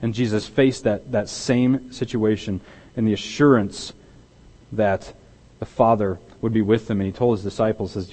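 A man preaching a sermon as pastor, emphatic and repeating words, swinging between loud stress and hushed intensity. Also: fairly low pitch, fairly even intonation, normal speed. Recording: long hall reverb.

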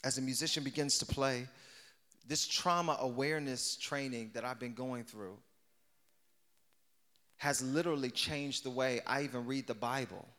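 A pastor preaching a sermon, moving from hushed talk to sung, shouted preaching. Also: male voice, mid-range voice, moderate pace. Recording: long hall reverb with music behind.

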